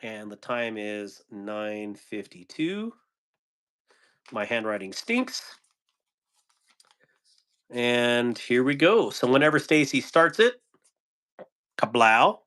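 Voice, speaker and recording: Male livestream host, casual and relaxed, mid-range voice, reads chat between chuckles. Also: mid-range voice, slow, long pauses. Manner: laid-back, chuckles often, trails off with ums.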